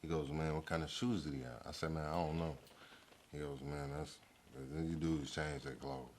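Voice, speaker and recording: Deep-voiced man telling a story. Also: normal speed, slight background noise. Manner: animated, acts out quoted lines, slangy and profane. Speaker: guest telling his life story. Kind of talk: casual storytelling in a therapy-style talk show.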